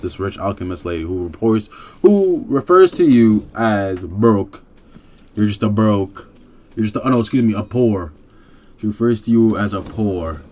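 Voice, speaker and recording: A young man reviews a video game in a relaxed, slang-heavy style, chuckling and launching into excited rants. His voice is low, and there's a faint hiss or hum in the background.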